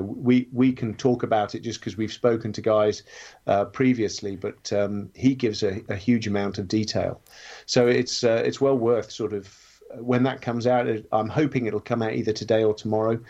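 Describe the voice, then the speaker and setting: A man's voice: medium pitch, darkish tone. A man co-hosting a podcast, telling a story in casual chat with lots of fillers and restarts. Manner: halting, many fillers and restarts. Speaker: podcast co-host. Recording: muffled lo-fi sound.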